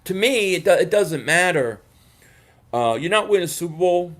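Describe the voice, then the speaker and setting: A man's voice: sits high, expressive, moderate pace, fairly bright tone. A man from the area hosting a fan livestream, ranting in a frustrated, rambling way and reading viewer comments. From Philadelphia area. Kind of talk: casual livestream rant reading chat.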